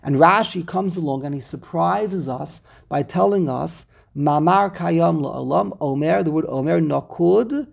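Gravelly man teaching a text lesson. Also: a little high, unhurried, few pauses. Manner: animated, rhetorical questions, reads Hebrew terms aloud. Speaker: Torah teacher.

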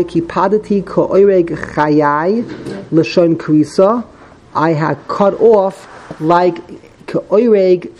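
A man's voice: high voice, mellow, a little hiss or hum, poor audio. A man teaching a Torah text class, explaining Hebrew grammar with frequent repetitions and Hebrew terms. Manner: explains grammar patiently, repeats words, mixes in Hebrew terms.

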